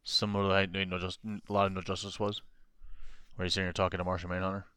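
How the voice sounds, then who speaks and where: A man's voice: sits low, flat delivery, rapid-fire, fairly bright tone, clean tone, no echo, studio quality. A man co-hosting a podcast in easygoing casual chat, agreeing and laughing along. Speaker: podcast co-host.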